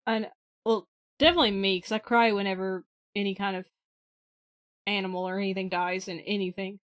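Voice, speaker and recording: A woman's voice: mid-range voice, fairly even intonation, fairly quick. A woman with a mid-range voice chats with bubbly enthusiasm on a gaming podcast. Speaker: podcast co-host. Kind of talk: casual chat.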